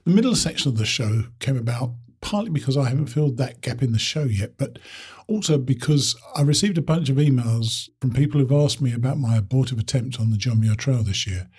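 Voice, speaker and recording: A man hosting a hiking podcast, chatty and quick to laugh as he introduces and interviews a guest. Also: mid-range voice, animated, darkish tone, breathy edge. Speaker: podcast host.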